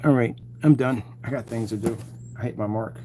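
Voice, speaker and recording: A man's voice: medium pitch, fairly even intonation, fairly quick, background noise. A man hosting his channel, mocking and taunting his rivals in a rambling live-stream rant.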